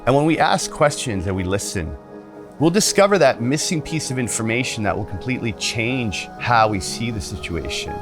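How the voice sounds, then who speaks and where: A man's voice: medium pitch, animated, moderate pace, over music. A man leading a retreat, giving an earnest teaching talk and telling stories. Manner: earnest, acts out voices in stories.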